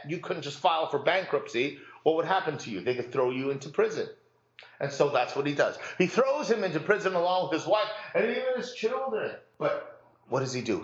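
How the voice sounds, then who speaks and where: A male pastor preaching a sermon, telling a parable in a lively, humorous storytelling way and acting out the quotes. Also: high-pitched, echoey room, dull audio.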